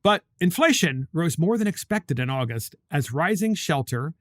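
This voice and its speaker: Animated, sarcastic male commentary host. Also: on the high side, normal speed, dry recording, clean studio sound. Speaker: host of a political commentary show. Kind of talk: opinion commentary.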